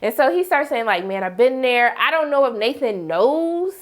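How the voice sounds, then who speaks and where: A woman chatting casually as she recaps a TV episode, slangy and animated, acting out her own reactions. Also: high voice, moderate pace. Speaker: TV review vlogger.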